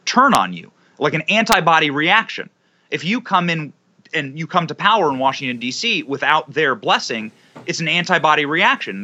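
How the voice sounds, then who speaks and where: A man speaking as a guest commentator in impassioned, emphatic political commentary, building his points with dramatic pauses. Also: mid-range voice, sharp tone, highs cut off.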